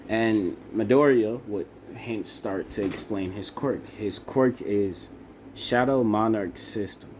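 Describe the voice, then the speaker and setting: A young man improvising a fan-fiction story out loud, halting with fillers and self-corrections. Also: lowish voice, a little hiss or hum.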